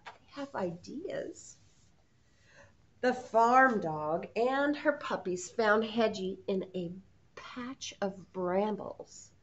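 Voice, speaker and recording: A preschool teacher reading a storybook aloud to children, asking them questions along the way. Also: female voice, mid-range voice, very slow, slight background noise. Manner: expressive, asks the children questions. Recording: muffled lo-fi sound.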